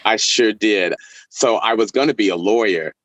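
A middle-aged man from Texas, a violinist guest, telling stories in a casual interview with laughs and animated delivery. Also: on the low side, normal speed, no echo, low-quality recording. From El Paso, Texas.

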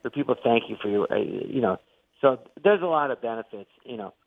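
An older man, a comedian being interviewed, telling stories in an animated way and acting out the voices he quotes. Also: medium pitch, fairly quick, dry recording. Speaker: guest comedian. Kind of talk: interview storytelling. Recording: tinny phone-like line, dry.

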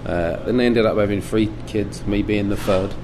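A middle-aged man from England, a butcher shop owner talking in a documentary interview, relaxed and reflective with many ums and restarts. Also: on the low side, moderate pace. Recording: air conditioning hum behind.

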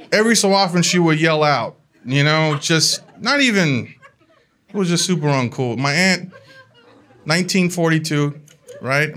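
A man telling a comic family story in an animated way, laughing along as he talks. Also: on the high side, slight background noise. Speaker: comedian. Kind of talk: comedic storytelling.

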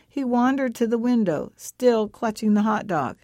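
A woman reading her own first-person story aloud, expressive and lively as she voices the characters' lines. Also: fairly high pitch, moderate pace, few pauses, no echo, clean studio sound.

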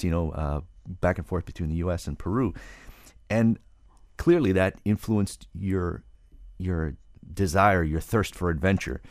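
A man's voice: low voice, darkish tone, no echo, studio quality. A middle-aged man hosting a radio interview, asking engaged, curious questions in a conversational way. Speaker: radio show host.

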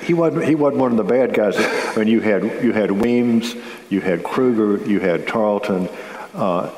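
A man explaining events in a measured, knowledgeable way, with frequent fillers. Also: fairly low pitch, darkish tone. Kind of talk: relaxed radio-style discussion. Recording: roomy with long reverb.

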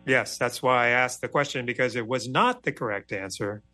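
Brisk, bright-voiced male radio host. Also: mid-range voice. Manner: brisk, takes charge of calls. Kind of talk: call-in radio hosting.

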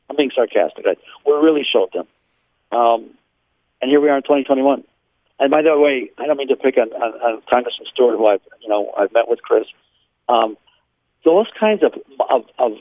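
A man's voice: mid-range voice, dry recording. A man, a law professor, speaking frankly and bluntly as a radio interview guest from his home, with frequent ums and sarcastic asides. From Israel. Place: his home near Jerusalem. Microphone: phone line. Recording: tinny phone line.

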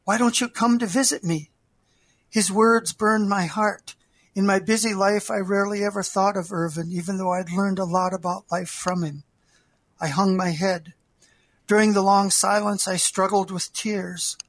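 An older man, an author, reading his memoir aloud in a measured, heartfelt way. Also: sits high, flat delivery, fairly bright tone, no room sound.

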